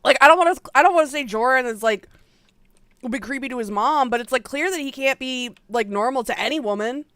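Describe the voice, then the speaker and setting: A woman's voice: sits high, fast, no echo. A woman streamer giving blunt, swearing reaction commentary while she plays a game. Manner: animated, swears a lot, blunt.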